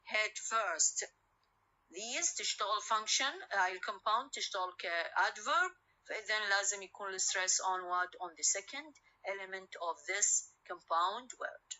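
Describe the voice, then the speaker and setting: Bright-voiced woman lecturing slowly. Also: medium pitch, muffled recording. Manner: slow and explanatory, switching often into Arabic, with many pauses and fillers. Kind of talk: recorded classroom lecture.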